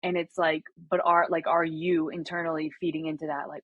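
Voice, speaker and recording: A woman's voice: low-pitched, little pitch movement, brisk, hardly any pauses, husky, no echo. A young woman speaking as a podcast guest, talking earnestly and candidly, acting out past conversations with lots of fillers. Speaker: podcast guest, former college basketball player. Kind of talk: candid interview talk. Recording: dull lo-fi sound.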